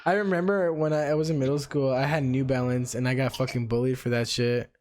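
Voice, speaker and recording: A young man co-hosting a casual podcast, talking loosely with frequent swearing and halting restarts. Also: mid-range voice, fairly even intonation, darkish tone. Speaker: podcast co-host. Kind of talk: casual chat.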